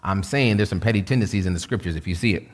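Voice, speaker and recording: A man's voice: low-pitched, rapid-fire, in a large hall. A man preaching a sermon in a conversational, storytelling way with touches of humor. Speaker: pastor.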